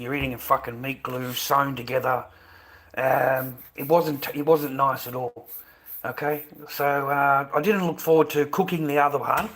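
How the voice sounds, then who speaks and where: A man's voice: mid-range voice, a bit bright. Rambling, foul-mouthed Australian man. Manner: profane, rambling, with frequent fillers and repeated "mate". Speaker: vlogger. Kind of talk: casual rant to camera.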